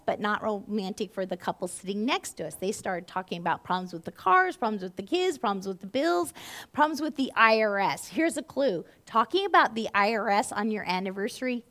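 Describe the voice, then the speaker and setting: Animated storytelling woman in her fifties. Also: medium pitch, moderate pace. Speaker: marriage speaker. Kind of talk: storytelling talk to an audience.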